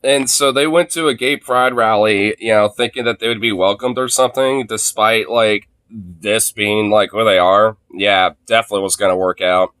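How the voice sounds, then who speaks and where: A man's voice: on the low side, fairly even intonation, moderate pace, hardly any pauses, fairly bright tone, clean tone, dry recording. A man streaming live, reacting to clips with casual, profane, mocking commentary and frequent laughter.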